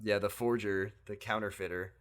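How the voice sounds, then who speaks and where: A man's voice: fairly low pitch, normal speed, crowd noise. A man co-hosting a podcast, casually retelling a video game story with laughs and acted-out lines. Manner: animated, laughing, acts out characters' lines. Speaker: podcast co-host.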